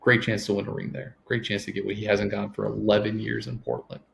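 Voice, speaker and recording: A man's voice: lowish voice, level tone, fast, creaky, a bit bright, slight background noise. A man co-hosting a sports podcast, joking and trading hot takes in casual chat. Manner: joking, offers hot takes, trails off mid-thought. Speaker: podcast co-host.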